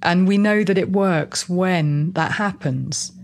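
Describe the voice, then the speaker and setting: A woman's voice: lowish voice, slow pace, darkish tone. A woman hosting an interview, speaking earnestly and emphatically. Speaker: interview host and advocate. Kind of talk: interview commentary.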